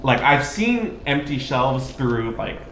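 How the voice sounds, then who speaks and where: Speaking slowly in a fairly bright, medium-pitched voice, a man co-hosts a home cooking and eating video. He's very animated, telling stories casually between bites and dramatizing his own inner thoughts. The recording has a roomy echo and faint background noise.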